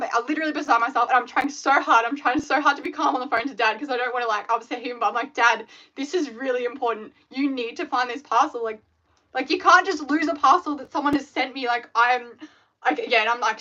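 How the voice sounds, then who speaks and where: A woman, chatting on her live stream in an animated, rambling way full of fillers. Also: fairly high pitch, quick pace, dull audio. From Australia. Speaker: scrunchie maker hosting a live stream. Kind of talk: casual live-stream chat.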